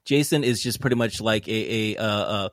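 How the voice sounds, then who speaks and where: A man's voice: on the low side, normal speed, dry recording, clean studio sound. A man co-hosting a casual film review chat, talking emphatically and swearing often. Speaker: podcast co-host.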